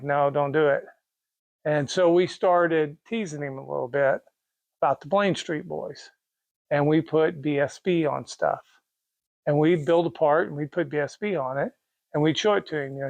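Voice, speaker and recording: A man's voice: fairly high pitch, creaky, dry recording, dull audio. A middle-aged man with a Kansas accent, owner of a race car parts business, telling a rambling, folksy story with restarts and quoted dialogue. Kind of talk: casual storytelling.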